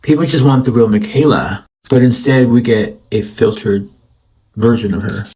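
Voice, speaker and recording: A man's voice: medium pitch, normal speed, darkish tone, rough recording. A man giving social media commentary in a matter-of-fact, critical way.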